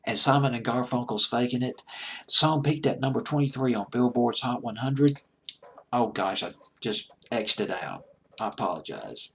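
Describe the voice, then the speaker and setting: A man hosting a music show late at night, talking eagerly and rambling, sometimes dropping to a hushed near-whisper. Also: mid-range voice, lively intonation, moderate pace, a little hiss or hum. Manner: enthusiastic, rambling, drops to a hushed near-whisper when gushing. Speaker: deejay host.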